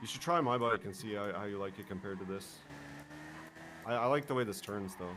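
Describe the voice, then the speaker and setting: A man with a very low, deep voice, chatting in character as a lawyer in a roleplay. He speaks in a laid-back, halting way, restarting his sentences. Clear engine noise runs behind him.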